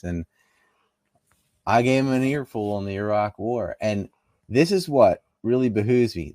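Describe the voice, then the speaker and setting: A man's voice: low voice, darkish tone, no echo, clean studio sound. A man from North Carolina, a political commentator in a conversational interview, talking emphatically and firing off rhetorical questions.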